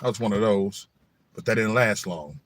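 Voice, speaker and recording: A middle-aged man with a lowish voice hosts his own channel and speaks at a moderate pace. In a casual monologue, he tells rambling school stories in a slangy, joking way.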